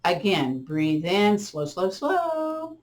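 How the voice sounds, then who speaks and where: A middle-aged woman teaching gentle yoga, guiding breathing and a body-scan meditation in slow, soothing cues with counted breaths. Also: mid-range voice, big pitch swings, heavy background noise. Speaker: yoga and tai chi instructor.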